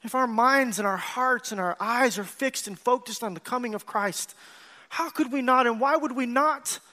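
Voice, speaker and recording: A man with a strikingly high voice preaches a sermon to his church. He is earnest and personal, swelling into emphatic bursts and then dropping low and confiding, and he calls out to the congregation for agreement. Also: normal speed, sharp tone. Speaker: pastor.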